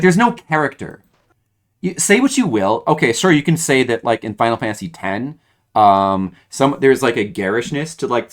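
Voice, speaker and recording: A man streaming a video game, commenting casually and rambling with many restarts and hesitations. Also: medium pitch.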